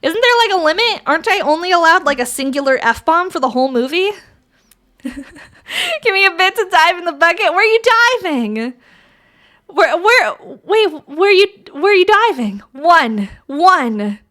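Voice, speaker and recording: A woman's voice: very high-pitched, very animated, measured pace, a bit bright. A woman streamer chatting casually with her viewers, crude and giggly, bantering with chat. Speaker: VTuber streamer.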